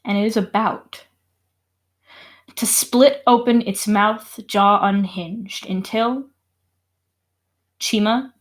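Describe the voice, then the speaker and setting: Slow-talking woman running a horror game. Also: medium pitch, steady tone. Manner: laughs often, swears, drawn-out narration. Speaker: game master. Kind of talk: narrating a horror tabletop game.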